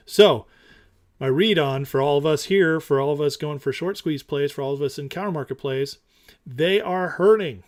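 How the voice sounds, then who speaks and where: A man hosting a casual stock market talk show, animated and opinionated, who repeats his points for emphasis. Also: normal speed. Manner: mocks others in high put-on voices.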